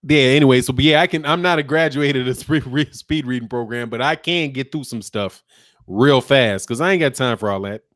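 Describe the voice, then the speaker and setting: Speaking a little fast with a mid-range, fairly bright tone, an American man reads viewer comments on his channel, chatting casually, joking, and laughing frequently. The studio sound is clean, without room noise.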